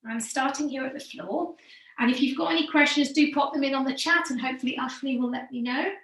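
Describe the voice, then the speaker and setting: Calm female yoga teacher, slightly high voice, soft, unhurried cues, recorded at a distance in a roomy space. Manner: calm, slow and soothing, drops to soft low guidance. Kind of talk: guided yoga breathing instruction. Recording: echoey room, from far off the mic.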